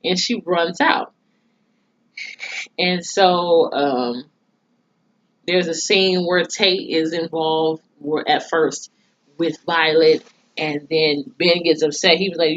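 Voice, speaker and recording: Woman reviewer, lowish voice, swears freely, casual recap, muffled lo-fi sound. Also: steady tone, slow, long pauses. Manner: profane, blunt storytelling. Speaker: TV episode reviewer. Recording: dull lo-fi recording.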